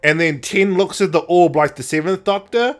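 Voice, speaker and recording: A man's voice: sits high, normal speed, soft background music. A man co-hosting a podcast, animatedly retelling episodes and acting out characters in put-on voices. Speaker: podcast co-host. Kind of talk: casual chat.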